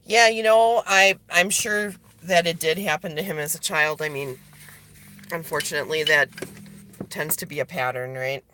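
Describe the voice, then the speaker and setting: A woman's voice: low-pitched, moderate pace, bright, forceful tone, a little hiss or hum. A woman livestreaming, talking bluntly to her viewers and answering their comments by name. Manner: blunt and profane; talks straight to viewers by name. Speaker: vlogger. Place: at her workplace.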